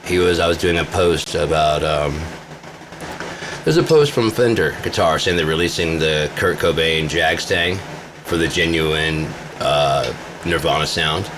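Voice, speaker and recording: Deep-voiced, profane rambling man. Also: measured pace, background noise. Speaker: vlogger. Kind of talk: casual rambling monologue.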